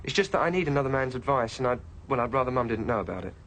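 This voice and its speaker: A young actor playing a touchy teenage son waiting on exam results in a TV drama. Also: male voice, medium pitch, animated, racing, a bit bright, a little hiss or hum, natural voice. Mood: earnest. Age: teens. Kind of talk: 1980s British TV drama.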